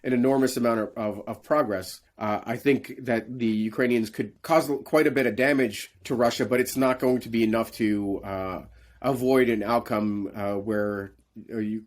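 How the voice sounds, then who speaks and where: A man, a guest in a conversational interview, speaks in a measured way with frequent restarts and fillers. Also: lowish voice, a little mellow.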